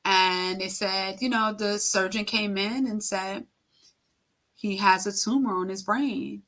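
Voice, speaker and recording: Bright-voiced woman recounting a hard story. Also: mid-range voice, fairly even intonation. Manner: emotional, halting retelling with many fillers and acted-out quotes. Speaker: guest. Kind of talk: personal storytelling in an interview.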